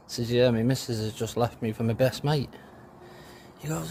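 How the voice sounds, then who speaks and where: A British man telling one-liner pub jokes, pitching his voice up for the quoted characters. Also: measured pace, long pauses, darkish tone, a little hiss or hum. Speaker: comedian.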